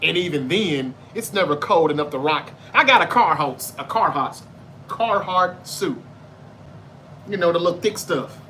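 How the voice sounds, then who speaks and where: Hosting a livestream, a Memphis, Tennessee man with a Southern American accent goes through viewer comments and answers them loosely, with plenty of profanity. His fairly high, fairly bright voice has lively intonation but keeps a measured pace. A faint hiss or hum runs beneath it.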